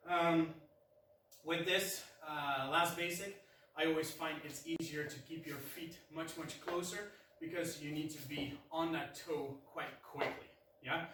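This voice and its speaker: A man teaching a dance class counts the beats and scats the rhythm of each step. His voice sits a little high and comes from across a very echoey room, picked up by a distant mic. A loud steady hiss lies under everything. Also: normal speed. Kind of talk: counting and explaining dance steps. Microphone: far camera mic.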